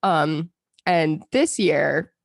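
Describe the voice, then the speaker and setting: A woman co-hosting a casual podcast, her lowish voice gravelly and groggy from a strained throat. She rambles through stories with fillers and laughter. The sound is dry and close. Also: animated, extremely slow, no echo. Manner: chatty storyteller, laughs often, many fillers. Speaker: podcast co-host. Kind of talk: casual chat.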